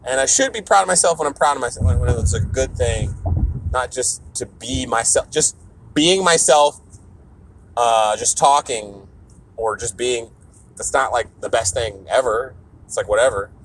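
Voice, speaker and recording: A man's voice: medium pitch, normal speed, slight background noise. A man who does stand-up, rambling through a profane podcast monologue while on the road, jumping into mock voices and scraps of broken French. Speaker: comedian.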